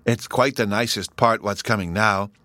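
A man voicing Bruno, a small excitable boy with babyish grammar, in a storybook reading. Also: on the low side, moderate pace, dry recording. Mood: eager. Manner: eager, breathless.

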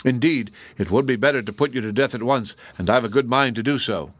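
A man's voice: medium pitch, brisk, no room sound, lightly acted. A man voicing a stern, commanding king in a storybook reading, given to abrupt outbursts. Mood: regal.

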